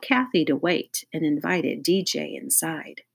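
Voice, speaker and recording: Slow, gravelly-voiced woman storyteller. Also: sits low. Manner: playful, speaks directly to young listeners. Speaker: audiobook reader. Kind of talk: children's audiobook narration.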